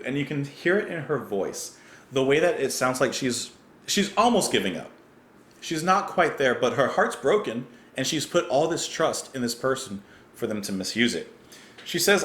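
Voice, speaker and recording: A man's voice: mid-range voice, big pitch swings, moderate pace, fairly bright tone, roomy sound, a little hiss or hum. A man hosting a music reaction channel, thoughtfully reading lyrics aloud and explaining what they mean. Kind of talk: song reaction and lyric breakdown.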